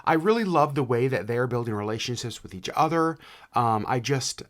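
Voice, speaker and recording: Man co-hosting, rambling and animated. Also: medium pitch, normal speed. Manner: rambling, animated storytelling with restarts. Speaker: podcast co-host. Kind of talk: casual chat. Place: home podcast setup in Alaska.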